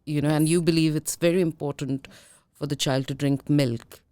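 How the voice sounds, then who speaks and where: A woman's voice: sits low, steady tone, normal speed, mellow, dry recording. A woman hosting a podcast interview, asking plain questions and giving brief listening murmurs.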